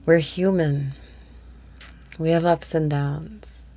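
A woman's voice: low-pitched, fairly even intonation, slow pace, mellow. A woman guiding a meditation, giving half-whispered breathing cues and speaking with blunt, profane, self-deprecating candor. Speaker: meditation guide. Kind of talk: guided meditation.

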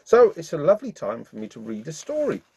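A man's voice: on the high side, huge pitch swings, fast talker, vocal fry, slight background noise. A man reading a bedtime story aloud to children in a playful, friendly way as the channel's storyteller. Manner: warm-hearted, playful, sings along.

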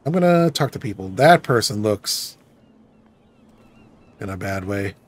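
A man's voice: on the low side, animated, a little slow. A man giving chatty, joking let's-play commentary while thinking aloud. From Boston. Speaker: gamer.

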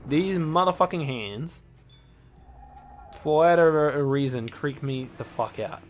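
A young man in casual let's play commentary, swearing a lot and bursting into yells at enemies. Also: a little high, slow pace, a little hiss or hum. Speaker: gaming channel host. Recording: faint game music behind.

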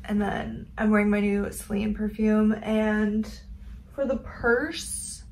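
A woman's voice: mid-range voice, steady tone, slow, a little mellow, a little hiss or hum. A young woman chatting casually in a vlog, upbeat and full of "like" and "um". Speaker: vlogger.

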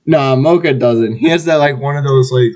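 A man's voice: mid-range voice, moderate pace, a little mellow. A man chatting casually over voice chat while gaming, teasing and trash-talking his friends. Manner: teasing, playful trash talk. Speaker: online game player.

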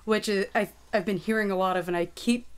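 A woman's voice: mid-range voice, fairly even intonation, a little fast, smooth. A woman joining a casual discussion, explaining a point thoughtfully. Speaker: group member in discussion.

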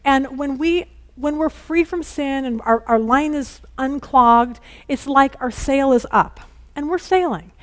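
Brief: middle-aged woman, Bible study teacher, fairly high voice, chatty and candid, rushed. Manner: chatty and candid, rushing against the clock; acts out family conversations in lively quoted voices. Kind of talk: informal Bible lesson.

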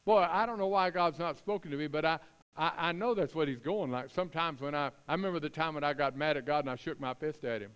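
A middle-aged man preaching a sermon as pastor, chatting with the congregation, then reading scripture loudly and with emphasis. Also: on the high side, fast, clear, resonant tone.

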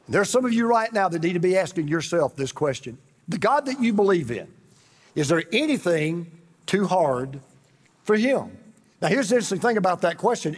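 A man preaching a sermon as pastor, animated and repetitive, with dramatic pauses. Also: high voice, husky. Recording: reverberant hall.

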